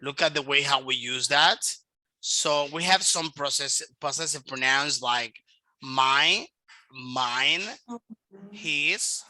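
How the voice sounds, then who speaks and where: A woman teaching English to a child over a video call, speaking slowly and patiently and modelling each word's pronunciation. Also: extremely low pitch, bright, forceful tone, dry recording, low-quality recording. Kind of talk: online class with a child.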